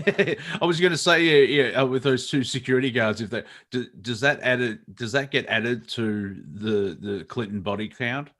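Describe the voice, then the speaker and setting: A man's voice: mid-range voice, normal speed, a bit bright. Aussie guy riffing on a comedy show, rambly and irreverent, keeps laughing through his sentences. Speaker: co-host. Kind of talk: casual comedy chat.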